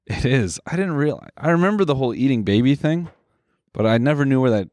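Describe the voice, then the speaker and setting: Guy with a middle voice cracking deadpan dark jokes, goes low n mumbly on asides, dry close mic. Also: quick pace, no echo. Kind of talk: casual chat.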